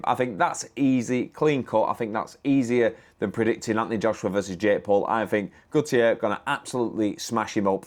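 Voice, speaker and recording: A young man with a British accent chats straight to camera in a casual daily vlog. He talks bluntly and easily, dropping the odd swear word as he goes. His voice sits in a plain middle range. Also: mid-range voice. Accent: British English. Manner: chatty and blunt, with mild swearing. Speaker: daily vlogger.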